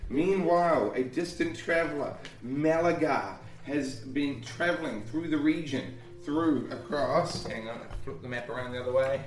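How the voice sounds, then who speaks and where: A man's voice: mid-range voice, a little slow, few pauses. Man narrating a tabletop game, echoey room. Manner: loose, rambling narration with restarts. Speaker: dungeon master. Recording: echoey room, far from mic.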